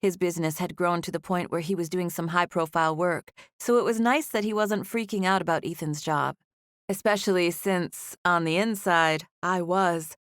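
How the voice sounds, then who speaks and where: A woman reads a first-person audiobook in an even, conversational way. Her voice is lowish, and the studio recording is close and dry with no room sound. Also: moderate pace, no echo. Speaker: audiobook narrator. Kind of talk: first-person scripted narration.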